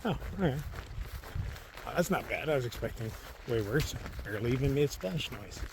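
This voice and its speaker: A man of middling pitch talks his way along a wet trail outdoors, chatty and playful, chattering to himself and the animals he passes. The recording is noisy, with open-air ambience and animal sounds behind him. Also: expressive, brisk, vocal fry. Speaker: solo long-distance hiker. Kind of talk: casual vlog narration while walking.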